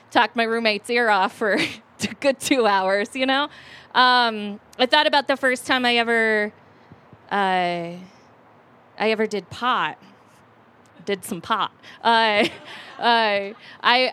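A woman in her late twenties tells a personal story at a live storytelling event. Her voice sits a little high. She rambles and mocks herself, with plenty of fillers and restarts. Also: fairly bright tone, clear, resonant tone. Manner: rambling and self-mocking, with many fillers and restarts.

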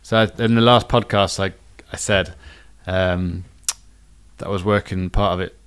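A man's voice: low-pitched, steady tone, moderate pace, fairly bright tone, smooth. A man co-hosting a podcast in casual chat, rambling and correcting himself as he goes. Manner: rambling, self-correcting, chatty. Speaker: podcast co-host.

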